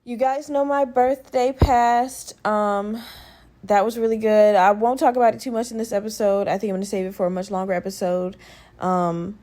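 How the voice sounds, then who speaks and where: A woman hosting her own podcast in a casual, rambling, profane chat, her voice still a little rough from a respiratory infection. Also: medium pitch, fairly even intonation, moderate pace, warm tone. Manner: rambling, profane, conversational, with many fillers. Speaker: podcast host.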